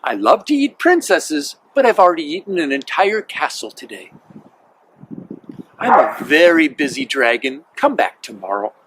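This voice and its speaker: A man's voice: on the high side, sing-song, moderate pace, fairly bright tone. A man voicing a boastful, busy male dragon in a storybook reading, pompous and brushing off his visitor, on a noisy recording. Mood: dismissive.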